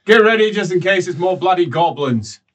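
A man's voice: sits high, lively intonation, normal speed, distant mic, pitched above the performer's own voice. Man putting on a brash, swearing cultist leader. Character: loud rough-spoken male cultist leader.

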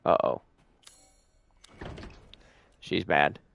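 A young man giving casual let's-play commentary, joking, swearing a lot and letting out sudden loud whoops. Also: very slow, muffled recording. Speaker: gameplay streamer.

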